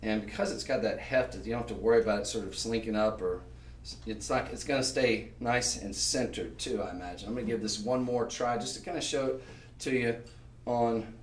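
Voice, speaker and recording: A man hosting a live shopping show, chatting on and piling up descriptive words as he pitches. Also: fairly even intonation, brisk, far from the mic, a little hiss or hum. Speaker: shopping channel host. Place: shopping channel studio. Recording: roomy sound, voice off-mic.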